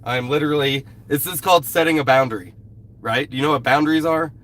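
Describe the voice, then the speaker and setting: A man's voice: a little high, brisk, a bit bright. A man chatting casually on a live stream, blunt and swearing freely, fighting a cold. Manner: blunt, heavy swearing, irritated with a commenter. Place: outdoors at a rural camp.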